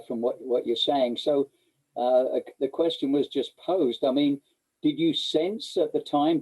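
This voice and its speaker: Brief: male interviewer, measured and formal, mellow voice. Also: mid-range voice, rough recording. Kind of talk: interview questions.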